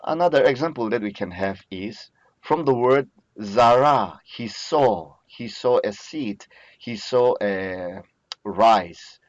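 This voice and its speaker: Man, teacher, very slow pace, patient and repetitive, dull lo-fi recording. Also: medium pitch, dry recording. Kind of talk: recorded lecture.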